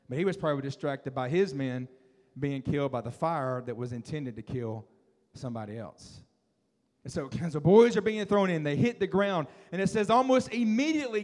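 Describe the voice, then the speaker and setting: A man's voice: high-pitched, long reverb tail. A man preaching a sermon in a conversational, emphatic way, acting out quotes as he retells the story. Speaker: pastor.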